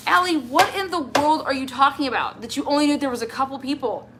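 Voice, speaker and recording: Exasperated woman livestreaming, a little high, faint hiss behind. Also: expressive, fast. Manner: exasperated, confrontational, addresses absent person directly. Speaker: livestream host. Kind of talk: ranting livestream monologue.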